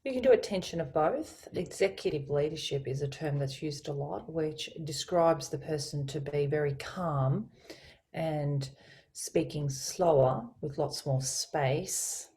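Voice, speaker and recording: A woman voice coach speaking as a guest on a video call, explaining communication in an expressive, teacherly way. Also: low-pitched, measured pace. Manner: expressive, teacherly, varies her inflection. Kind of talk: explanatory interview talk with spoken tone demonstrations.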